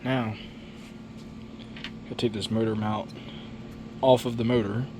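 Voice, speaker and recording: In a home workshop, a man with a lowish, flat voice talks unhurriedly through the model plane he's building, with noise in the background. It's a casual hobbyist vlog, loose and rambling, and his offhand delivery is peppered with slang and the occasional curse.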